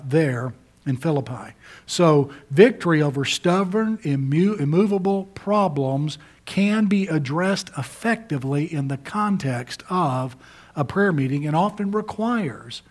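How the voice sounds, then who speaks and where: A man's voice: a little high, a little mellow. A middle-aged male pastor preaching a sermon, stressing key words emphatically.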